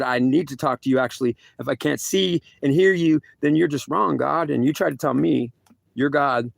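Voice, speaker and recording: A man's voice: mid-range voice, vocal fry, no room sound, natural voice. A man voicing a stern male God who scolds a soldier at length, repeating himself and stumbling over restarts. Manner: repetitive, lecturing, stumbling restarts.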